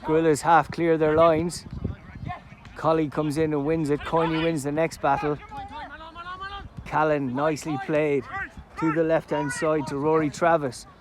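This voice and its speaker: A man giving live play-by-play commentary at an amateur football match outdoors, chatty between plays and loud at goals. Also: on the high side, level tone, unhurried, long pauses. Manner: chatty play-by-play, erupts loudly at goals and chances. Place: outdoors at a sports ground.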